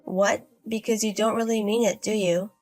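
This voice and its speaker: A woman doing a deadpan, carefree young gambler. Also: soft background music, lightly acted. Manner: deadpan, low-key, unhurried.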